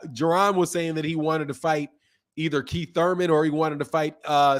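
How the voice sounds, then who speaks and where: A man hosting a casual boxing livestream, reading viewer comments in a slangy, laid-back way, with a sore throat. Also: on the high side. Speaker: boxing channel host. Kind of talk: casual livestream chat reading super chats.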